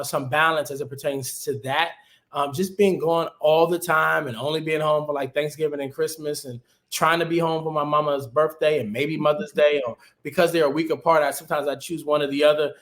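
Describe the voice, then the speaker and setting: Upbeat man giving career advice on a call. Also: on the high side. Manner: animated, conversational advice-giving. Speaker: guest, TV executive producer. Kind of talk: casual webinar interview.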